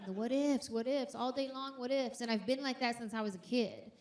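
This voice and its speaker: A woman performing a stand-up comedy routine on stage, animated and acting out quotes in high voices. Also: fairly quick, very noisy. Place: theater stage before a live audience.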